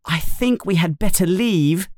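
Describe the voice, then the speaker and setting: A man reading a storybook aloud, voicing a cautious, clever schoolgirl with a wary, hushed manner. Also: high voice, a little slow, no echo, clean studio sound, pitched above the performer's own voice.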